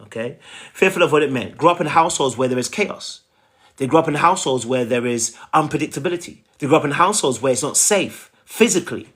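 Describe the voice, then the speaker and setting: A man's voice: a little high, animated, fast talker, a bit bright. A man giving a relationship coaching talk, emphatic and repetitive, often checking in with "okay?" and "right?".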